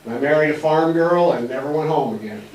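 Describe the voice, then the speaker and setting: A man's voice: on the high side, quick pace, a little mellow, dull audio. Joking older man telling stories. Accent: faint Massachusetts. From Massachusetts. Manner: folksy, joking, acts out quoted voices. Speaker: speaker giving a talk. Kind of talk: storytelling lecture. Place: library auditorium. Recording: roomy hall, distant mic.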